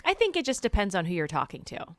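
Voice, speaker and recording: A woman co-hosting a casual podcast chat, chatty and quick to laugh, telling animated anecdotes. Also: mid-range voice, no room sound. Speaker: podcast co-host.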